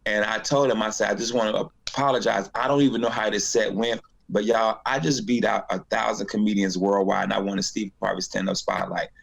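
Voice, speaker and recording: This guest comedian from North Carolina has a fairly low, creaky voice and talks a little fast with few pauses. During a casual interview he tells an animated story, voicing the people in it.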